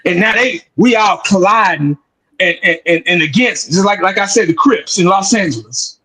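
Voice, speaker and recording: A man with a notably high speaking voice talks sports in a loose, heated way. He is emphatic and profane, repeats himself, and caps his points with 'man'. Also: expressive, normal speed, bright, forceful tone, poor audio. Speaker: sports show host. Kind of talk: casual sports talk.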